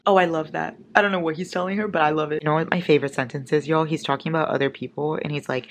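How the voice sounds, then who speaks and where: A young adult woman talking casually to viewers in a reading vlog, dramatic and animated, shifting from whispers to exclamations. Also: low-pitched, very fast, few pauses. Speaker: book vlogger.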